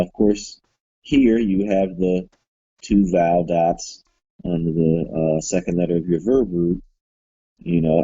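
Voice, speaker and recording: Male teacher, low dark gravelly voice, explanatory classroom delivery full of fillers, dull lo-fi classroom recording. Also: dry recording. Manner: explanatory, frequent fillers and self-corrections. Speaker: Hebrew teacher. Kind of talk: classroom grammar lesson.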